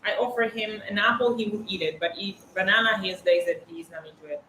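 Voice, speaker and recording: A woman's voice: medium pitch, fast, sharp tone. A woman co-hosting a casual live stream, talking through each food as she tastes it. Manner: talkative, explains foods as she tastes them. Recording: echoey room with faint noise.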